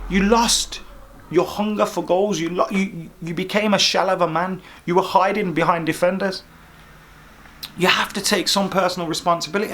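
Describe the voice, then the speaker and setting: A man's voice: high voice, fairly bright tone. A man hosting a football fan vlog, giving opinionated commentary in an exasperated, sarcastic rant. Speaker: football fan vlogger host.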